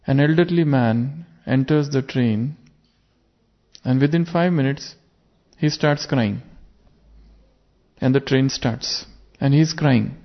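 A man delivers a spiritual sermon, his voice rough with gravel. He speaks earnestly, turning his points into rhetorical questions for his listeners. The recording sounds dull and lo-fi. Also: mid-range voice, slow pace, long pauses. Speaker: spiritual teacher. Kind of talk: sermon with parable. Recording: muffled lo-fi recording.

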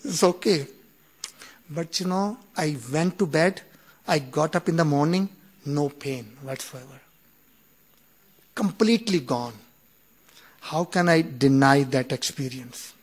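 A man in his fifties telling a personal story, halting and full of restarts, acting out the quoted dialogue. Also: a little high. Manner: animated retelling with acted-out quoted dialogue; halting, with many restarts and "you know". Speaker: speaker sharing a personal story.

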